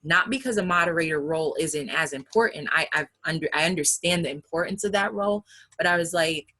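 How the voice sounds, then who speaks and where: A woman's voice: low-pitched, brisk, sharp tone. A woman with a New York accent speaking frankly and emphatically in a casual talk about public speaking. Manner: candid and emphatic.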